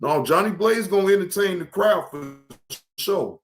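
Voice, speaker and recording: A man talks casually to his live-stream audience in a blunt, profane way. His voice sits a little high for a man. He speaks freely and energetically. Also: expressive, normal speed, faint music behind. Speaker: streamer host.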